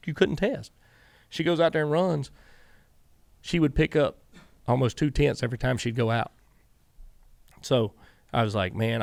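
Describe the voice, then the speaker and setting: A man's voice: medium pitch, gravelly, dry recording. A middle-aged man with a Southern US accent, a guest in an interview, telling long rambling stories and quoting himself and others. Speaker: guest, former racing crew chief. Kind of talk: casual storytelling interview.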